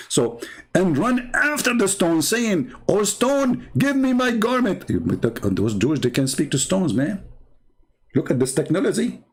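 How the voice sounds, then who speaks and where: A man's voice: mid-range voice, darkish tone, slightly rough. Sarcastic non-native man mocking. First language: not English. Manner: mocking, sarcastic, with broken English. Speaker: show host. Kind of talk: sarcastic commentary.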